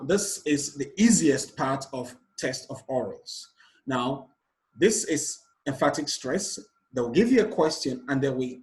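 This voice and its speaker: A man's voice: medium pitch, low-quality recording. A man, a teacher patiently going through exam stress questions one by one. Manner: patient, repetitive explanation. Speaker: English teacher. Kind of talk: exam revision lesson.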